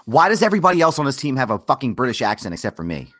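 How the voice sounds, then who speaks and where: Animated man joking at the table. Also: medium pitch, rapid-fire, slight background noise. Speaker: tabletop player.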